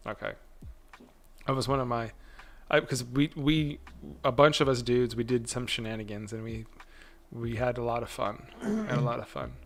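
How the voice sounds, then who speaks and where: A man's voice: mid-range voice, creaky, pushed and bright. A man hosting a casual livestream chat, rambling along and laughing often. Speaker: host.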